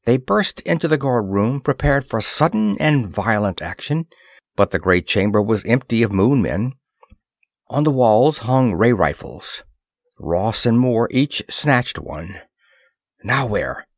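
A male narrator reads an old adventure story aloud with expressive, animated pitch. He keeps an unhurried pace, and the recording is dry and close. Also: dry recording. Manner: expressive reading, does character voices. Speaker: audiobook narrator.

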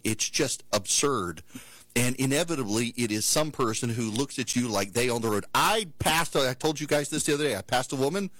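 A man's voice: mid-range voice, fairly bright tone, no room sound. A male talk show host telling a story and ranting in an exasperated, opinionated monologue.

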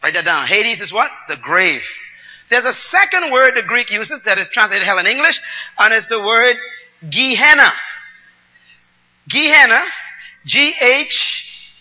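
A man preaching a teaching sermon, explaining scripture word by word and calling on the congregation to repeat after him. He swings between loud, emphatic bursts and soft asides. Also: high-pitched, sing-song, moderate pace, poor audio. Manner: teaching, asks the congregation to repeat and write words down.

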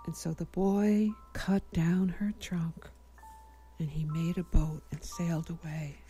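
A woman reading a children's story aloud in a gentle, measured way, sometimes dropping to a whisper. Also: lowish voice, flat delivery, faint music behind.

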